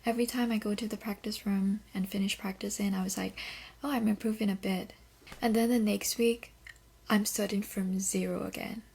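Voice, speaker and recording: A woman's voice: mid-range voice, steady tone, a little fast, creaky, a little mellow, breathy edge. A young woman with a Korean accent hosting a solo podcast, talking candidly and reflectively with a loose, conversational flow. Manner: candid, reflective, often starts with "so". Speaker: podcast host. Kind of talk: casual solo podcast talk.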